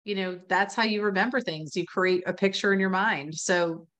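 A woman speaking in a casual webinar conversation over a video call, chatty and animated, full of "you know" and "like" as she explains reading instruction. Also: mid-range voice, moderate pace.

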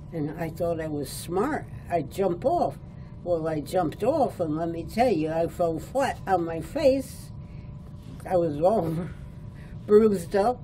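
Older woman, reminiscing, unhurried, soft mellow tone, lowish voice, faint background hiss. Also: low-quality recording. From born in Italy, raised in New York State. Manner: chuckles while recalling childhood stories. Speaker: oral history interviewee. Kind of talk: reminiscing storytelling. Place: adult care home.

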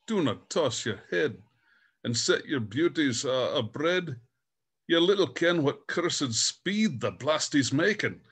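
Chaplain reading old Scots verse over a video call, put-on Scottish lilt, unhurried. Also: male voice, mid-range voice, a bit bright, breathy edge. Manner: slow, deliberate reading. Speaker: Grand Chaplain reciting poetry. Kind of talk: poetry recitation in Scots.

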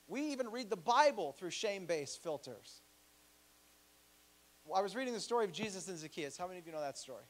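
Guy pastor preaching in church, lively and jokey, kinda high voice, plays out the voices he quotes. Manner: animated and joking, acts out quoted voices. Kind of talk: sermon.

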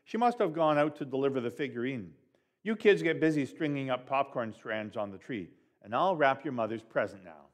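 A man voicing a gruff, weary father who mutters and grumbles, in a read-aloud story. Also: mid-range voice, lively intonation, a little fast, natural voice. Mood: calm.

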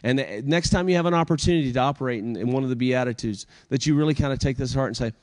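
A man's voice: mid-range voice, very fast, a little mellow. A man guest preacher finishing a sermon at a church service, earnest and asking pointed rhetorical questions.

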